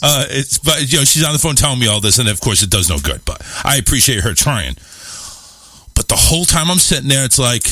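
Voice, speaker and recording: Bright-voiced man telling a profane story. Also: medium pitch, brisk, no echo. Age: adult, married. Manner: animated, swears freely, self-mocking about his health scare. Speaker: radio show host. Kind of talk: casual storytelling chat.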